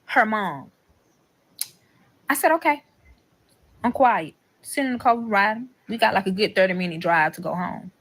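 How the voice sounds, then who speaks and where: A woman telling a personal story in an animated, profane way, acting out what everyone said. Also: mid-range voice, moderate pace, breathy edge. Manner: animated, profane, dramatic quoting. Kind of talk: casual story time.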